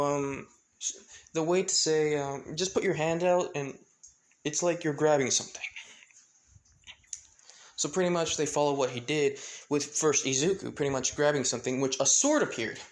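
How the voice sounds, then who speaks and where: Casting: a man with a slightly high voice, rambling through a casual story retelling. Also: moderate pace, pauses often. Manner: rambling, with restarts and filler phrases.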